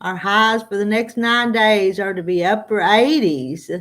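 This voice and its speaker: A woman's voice: mid-range voice, fairly bright tone. A middle-aged woman with a Southern drawl, chatting casually with viewers on a live stream and reading out their comments. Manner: slow drawling, chatty, often laughs. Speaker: farm vlogger answering live chat.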